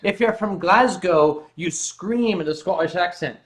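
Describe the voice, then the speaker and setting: A man's voice: high voice, unhurried, low-quality recording. A man hosting a casual livestream, joking with a co-host and reading chat messages aloud. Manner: jokey, reads chat aloud, bursts into loud mock shouting.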